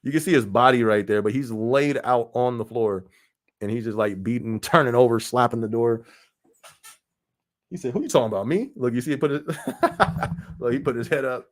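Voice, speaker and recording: A man's voice: medium pitch, moderate pace, long pauses, dry recording. Laid-back man hosting a live chat. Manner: relaxed, laughs often, reads viewer comments aloud. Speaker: podcast host. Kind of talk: casual live-stream chat.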